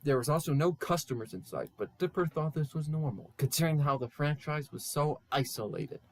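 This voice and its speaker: A man's voice: fairly high pitch, lively intonation, fairly quick. A young man reading a silly fan story aloud, stumbling over words and stopping to poke fun at the text. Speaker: channel host. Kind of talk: comedic fan-fiction reading.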